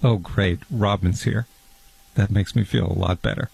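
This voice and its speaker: A prim, easily wounded fondue enthusiast, as a man plays him in an improvised comedy bit. He talks in a low, gravelly and husky voice, stammering through earnest explanations. He sounds precious and fussy. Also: steady tone, moderate pace, darkish tone, full character voice. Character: fussy, fragile adult man called Fondue Guy.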